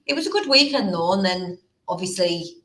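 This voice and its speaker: A woman's voice: fairly low pitch, normal speed. A woman, hosting a podcast and telling stories bluntly in casual chat, often breaking into laughter. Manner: animated storytelling, blunt and laughing. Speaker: host. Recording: roomy echo.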